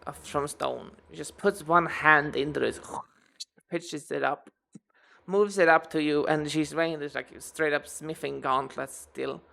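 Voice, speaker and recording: A woman narrating as game master of a dark fantasy tabletop game, in slow, halting descriptions. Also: low voice, gravelly.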